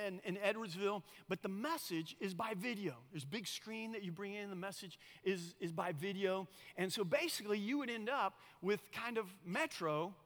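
High bright-voiced pastor preaching. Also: male voice, in a large hall. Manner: animated storytelling, folksy asides. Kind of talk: sermon.

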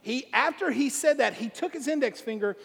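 A man with a high voice for his sex tells a comic story from the stage, lively and laughing along as he talks. His voice rings out with a long reverb that fills a big hall. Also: a little fast, creaky, husky. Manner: animated, laughs through his own story. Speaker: speaker addressing a congregation. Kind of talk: comedic storytelling sermon.

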